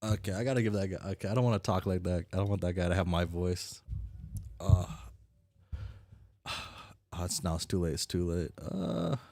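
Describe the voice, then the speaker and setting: A young man reading a webcomic aloud and commenting in a rambling, halting, self-deprecating way, swearing freely. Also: sits low, lively intonation, creaky, mellow, dry recording. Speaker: webcomic reaction reader.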